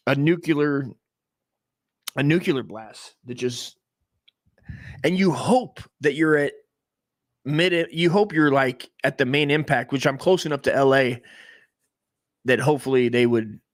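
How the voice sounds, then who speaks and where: A man in his forties from the United States who keeps up a rambling, profane comic monologue, full of excitable restarts and tangents. His voice sits at an ordinary middle pitch for a man. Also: slow, pauses often. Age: 40s. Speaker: comedy stream host.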